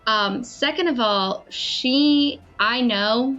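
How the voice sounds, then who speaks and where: Slow-talking woman player, dull mic. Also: fairly high pitch, pushed and bright, faint music behind. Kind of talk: casual game chat.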